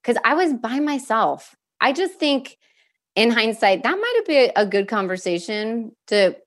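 A woman's voice: on the high side, big pitch swings, unhurried. A young woman telling a painful personal story as a guest, candid and earnest, with many fillers and restarts. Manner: emotional at moments, with nervous laughs.

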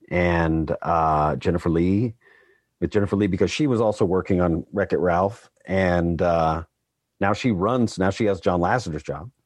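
Low-voiced man telling rambling anecdotes. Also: no room sound. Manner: self-deprecating, rambling anecdotes with laughs. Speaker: voice actor guest. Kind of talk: casual chat.

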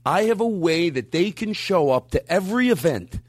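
A man hosting a podcast in casual chat, rambling and animated, jumping his voice up high when he quotes people. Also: normal speed, no echo. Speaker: podcast host. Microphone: studio mic.

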